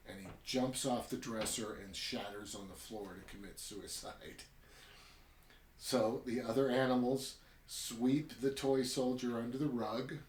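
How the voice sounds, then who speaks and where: A man hosting a podcast, casually retelling a short story and then reviewing it in a rambling way, often tacking on "right?". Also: mid-range voice. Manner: chatty, rambling, keeps adding "right?". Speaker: podcast host. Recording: roomy echo.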